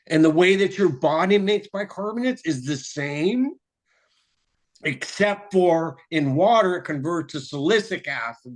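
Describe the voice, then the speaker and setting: Man, interview guest, higher-pitched, profane, excitable, rambling. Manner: explains chemistry in quick lecture bursts. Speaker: guest, water filter developer. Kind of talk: casual interview talk.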